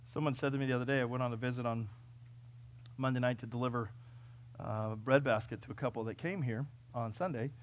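A man from California preaching a sermon, reading scripture and telling stories, swinging between loud, urgent peaks and quiet, conversational asides. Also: mid-range voice, quick pace. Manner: conversational storytelling with fillers and restarts. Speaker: pastor.

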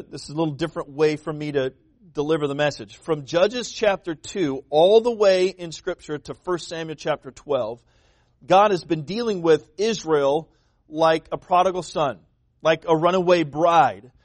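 Preaching with lively, conversational energy, a pastor retells the story and plays each of its people himself. He sounds slightly high, with no room ambience.

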